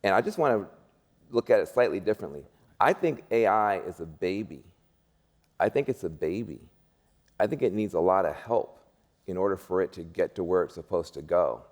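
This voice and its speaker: A man's voice: sits low, lively intonation, normal speed, a little mellow. A man speaking as a panel guest, emphatic and rousing, repeating his points like a preacher. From United States. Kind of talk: panel discussion.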